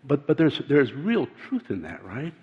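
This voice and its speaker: Older male preacher, halting and earnest. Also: mid-range voice, wildly swooping pitch. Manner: halting, repeats words, earnest storytelling. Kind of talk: sermon. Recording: dull sound in a large reverberant hall.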